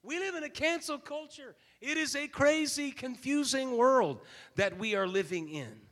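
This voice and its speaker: A man in his fifties preaching a sermon as a pastor, telling a story and then building to loud, emphatic preaching. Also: very high-pitched, expressive, normal speed. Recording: long reverb of a large hall.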